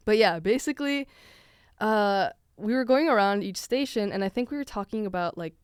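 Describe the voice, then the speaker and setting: A woman's voice: medium pitch, smooth, dry recording, studio quality. A young woman from Venezuela with a Venezuelan accent, telling a casual story as a podcast host, chatty with many fillers.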